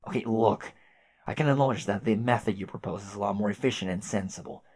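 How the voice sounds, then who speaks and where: A man voicing a bratty, hot-tempered young male alien who shouts insults and demands answers. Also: lowish voice, fast talker, slightly rough. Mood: defensive.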